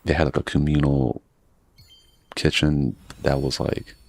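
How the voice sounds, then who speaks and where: A man's voice: very deep voice, level tone, unhurried, darkish tone. A man chatting casually while he plays a game, meandering between stories and swearing freely. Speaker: gaming streamer. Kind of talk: casual rambling chat while playing.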